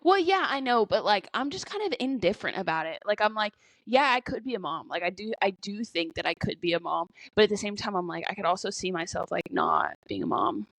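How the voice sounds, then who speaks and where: A woman's voice: medium pitch, very animated, fairly quick, creaky, hardly any pauses, fairly bright tone, dry recording. A young woman co-hosting a podcast, chatting casually and rambling with lots of "like"s. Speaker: podcast co-host. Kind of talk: casual chat.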